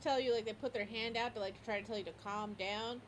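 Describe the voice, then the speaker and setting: Upbeat woman game master, bit high, narrating. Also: fast, slight background noise, rough recording. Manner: lively, stumbling narration with frequent restarts.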